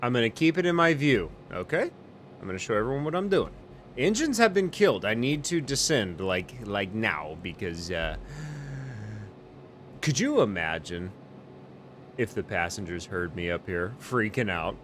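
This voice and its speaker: A man doing a comedic role-play as an airline pilot in a flight game, panicky and profane, lurching between muttering and shouting. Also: on the low side, big pitch swings, moderate pace, slight background noise. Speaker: flight sim streamer.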